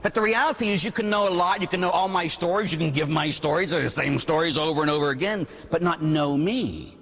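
A middle-aged man, a priest, preaching a sermon with animated storytelling and mimicked voices. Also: a little high, fast, long reverb tail.

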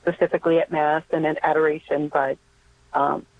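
An older woman calling in to a radio show, speaking hesitantly with many pauses and fillers. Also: low-pitched, level tone. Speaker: caller. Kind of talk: call-in radio prayer request. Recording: tinny phone line.

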